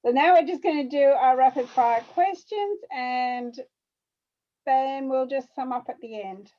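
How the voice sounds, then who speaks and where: A female interview host, encouraging and upbeat, asking quick questions over a video call. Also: high-pitched, muffled recording. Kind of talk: interview, rapid-fire questions.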